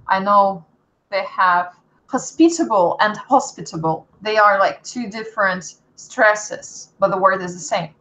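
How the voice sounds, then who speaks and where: A woman's voice: medium pitch, bright, forceful tone, poor audio. A woman with a Russian accent, hosting a casual chat and asking questions, sometimes turning to address viewers. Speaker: host.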